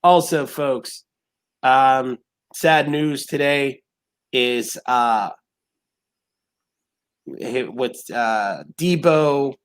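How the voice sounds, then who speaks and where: A man's voice: medium pitch, extremely slow, pauses often, smooth. A man hosting a casual wrestling talk show who rambles with many fillers, then bursts into heated rants full of rhetorical questions. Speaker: sports talk show host.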